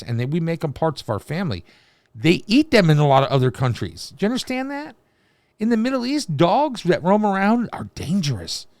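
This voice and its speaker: Here a fairly high-pitched male voice, dry with no echo, fronts a reaction video. He rambles through crude, mocking rants, swearing constantly throughout his profane commentary.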